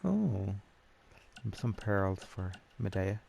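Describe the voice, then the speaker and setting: Young man, Irish accent, fairly low voice, rambling, profane, chatty storytelling. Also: big pitch swings, extremely slow, vocal fry, mellow, slight background noise. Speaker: gamer telling a story. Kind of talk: casual storytelling over gameplay.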